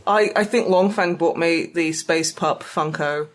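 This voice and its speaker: A woman's voice: fairly low pitch, noisy background. Australian woman guest, teasing and jokey, easygoing podcast banter. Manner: playful, teasing, quick to joke. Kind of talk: casual chat.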